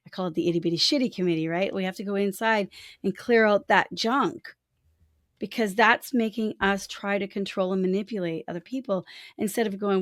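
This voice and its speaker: A woman's voice: medium pitch, a little fast, no room sound, studio quality. A woman co-hosting a podcast in casual conversation, speaking frankly and acting out quoted thoughts with expression. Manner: frank, candid speech. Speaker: podcast co-host.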